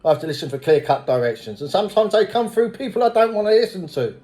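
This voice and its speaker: High-voiced blunt man. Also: fast. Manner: blunt, swears freely; lively storyteller. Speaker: speaker at a recovery meeting. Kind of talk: personal recovery testimony.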